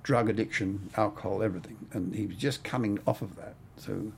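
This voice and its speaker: A man's voice: lowish voice, fairly quick, creaky, a little mellow, a little hiss or hum. An older man, a cinematographer, telling stories in a casual interview, rambling with plenty of "I mean" and "you know".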